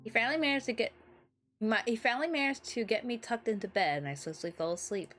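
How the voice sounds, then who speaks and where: A timid little boy tells his own story in a high, soft voice, as a woman puts him on for a game reading. He sounds earnest and a little frightened, with game music playing behind him. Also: quick pace. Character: small scared young boy narrating his past.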